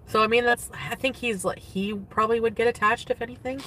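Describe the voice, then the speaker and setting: A young social media influencer chats casually on a livestream, rambling and leaning on "like" with trailing restarts. Her fairly high voice is steady, brisk, bright, and forceful, with a little hiss or hum in the recording.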